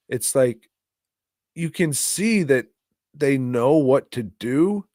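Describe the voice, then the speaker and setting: A man's voice: mid-range voice, a little mellow, no echo, clean studio sound. A man co-hosting a podcast, giving a rambling, profane and exasperated movie review in casual chat. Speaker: podcast co-host.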